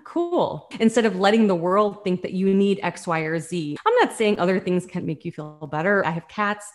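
A woman coach speaks in a fairly low voice. She talks in an earnest, reflective way. She sounds like a guest in an easygoing podcast conversation.

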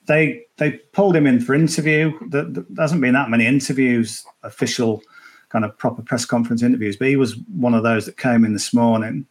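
This is a man talking through his golf betting picks in a loose, chatty way. His voice sits at an ordinary middle pitch, and he rambles and circles back on himself as he goes. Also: steady tone, brisk. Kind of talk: casual podcast chat.

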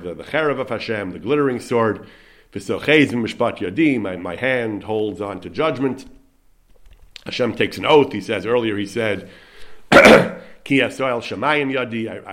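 Male lecturer, low-pitched, thoughtful, with frequent restarts; teaches with Hebrew quotations. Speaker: Torah teacher. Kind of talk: lecture on Jewish theology.

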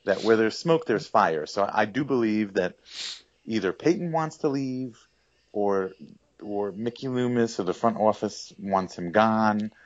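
A man co-hosting a casual sports podcast, giving his opinions in halting sentences with many restarts. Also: fairly low pitch, highs cut off. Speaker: sports blog writer and podcast co-host.

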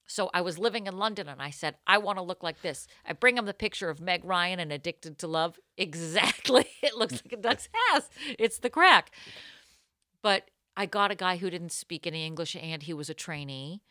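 A woman co-hosting a podcast, telling a self-mocking story in a lively, casual way. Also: on the low side, normal speed, no echo, studio quality. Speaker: podcast co-host.

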